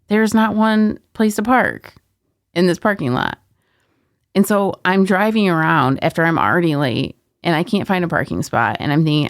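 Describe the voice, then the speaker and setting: A woman co-hosting a recovery podcast, telling a personal story in an animated, casual way and laughing through her words. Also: low-pitched, creaky, no echo, studio quality. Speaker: podcast co-host.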